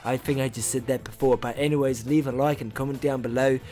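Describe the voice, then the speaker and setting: A man's voice: sits high, normal speed, fairly bright tone, voice pushed up. A man putting on a playful British accent to ramble through a cheery video sign-off. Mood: jokey.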